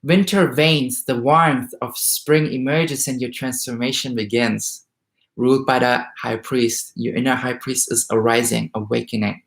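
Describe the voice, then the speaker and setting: A man gives a tarot reading, reading out card meanings and reacting with rising emotion and excitement. His voice sits at a middling pitch for a man. The room is roomy, so his voice echoes noticeably. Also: a little slow, vocal fry. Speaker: tarot reader. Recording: roomy echo.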